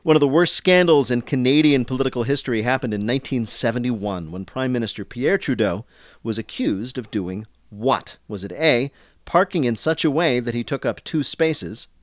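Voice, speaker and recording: A man's voice: mid-range voice, animated, moderate pace, no echo. A man hosting a comedy quiz talk show, wry and joking with his guest. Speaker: radio quiz show host.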